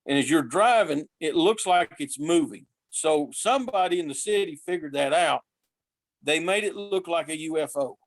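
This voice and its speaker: Man, fairly high voice, dry close sound, storyteller who voices his characters. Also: normal speed, no room sound. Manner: lively, acts out quoted voices. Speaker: podcast guest telling road stories. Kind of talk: casual storytelling.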